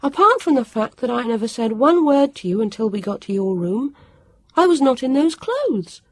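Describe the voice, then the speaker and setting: A woman's voice: on the high side, sing-song, normal speed, no echo, studio quality, pitched above the performer's own voice. A woman voicing an exasperated young girl. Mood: indignant. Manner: indignant, rising to loud outbursts. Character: frazzled, outspoken young girl.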